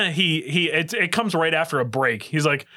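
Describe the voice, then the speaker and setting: A man hosting a podcast, chatting casually with loud, profane, rambling asides. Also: fairly high pitch, expressive, normal speed. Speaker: podcast host.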